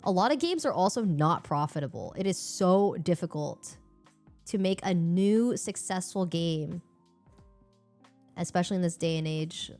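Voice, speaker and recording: A young woman streamer chatting casually, animated and expressive, laughing and swearing freely. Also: fairly low pitch, measured pace, faint music behind. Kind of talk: casual live-stream chat.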